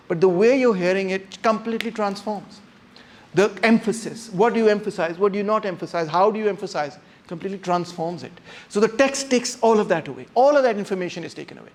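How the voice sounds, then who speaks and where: Animated man lecturing without a microphone. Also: sits high. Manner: animated and emphatic, acting out intonation examples. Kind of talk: classroom lecture. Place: classroom. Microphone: no microphone, unamplified voice.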